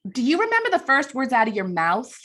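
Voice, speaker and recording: Brief: woman impersonating a bossy Chicago advice columnist, older, emphatic and scolding, voice pushed up high. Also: huge pitch swings, brisk, a bit bright, heavily acted.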